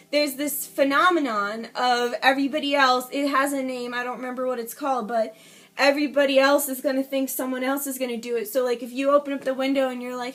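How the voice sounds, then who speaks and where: A young woman casually telling a personal story, emphatic and swearing, acting out shouted quotes. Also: high-pitched. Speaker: storyteller vlogger.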